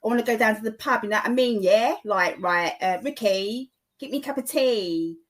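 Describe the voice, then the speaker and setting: A woman voicing a brash working-class Londoner with a Cockney accent, chummy and loud. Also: fairly high pitch, brisk, background noise, voice pushed up, close to an everyday voice.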